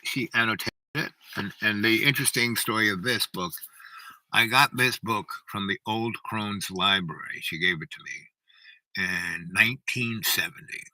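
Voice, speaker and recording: A man's voice: on the low side, unhurried, bright, forceful tone, no room sound, low-quality recording. An older man hosting a livestream, telling a long rambling story to his chat and often tagging "right?". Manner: rambling, keeps asking "right?". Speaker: livestream host.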